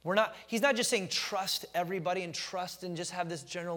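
A middle-aged man preaching a sermon as pastor, telling stories with animated energy and slowing down to stress key phrases. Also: sits high, long reverb tail. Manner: animated storytelling, emphatic, slows down to stress phrases.

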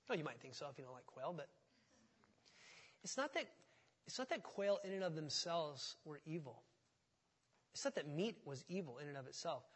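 A man preaching a sermon as pastor, animated and acting out quotes in mocking voices. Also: fairly high pitch, husky, in a large hall.

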